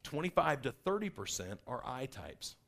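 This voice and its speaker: A middle-aged man giving an energetic seminar talk as a workshop presenter, acting out personality types in quick little voices. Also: medium pitch, creaky.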